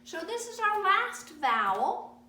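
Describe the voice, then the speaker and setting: A woman teacher reading stories aloud to young children in a sing-song, animated way. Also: extremely high pitch, slow pace. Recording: echoey room, from far off, faint noise.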